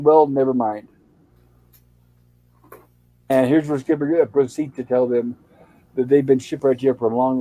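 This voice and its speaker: A warm, medium-pitched male voice, heard through poor audio, belongs to a host recapping an old TV episode on a casual show. He reads the quoted lines in a loose, conversational style.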